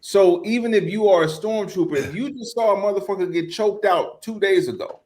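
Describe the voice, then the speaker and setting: A man's voice: sits high, fairly quick, darkish tone. A man with a Texan accent, co-hosting a comedy podcast, telling stories with lots of profanity and stammered restarts. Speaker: podcast co-host. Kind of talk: casual comedic political chat.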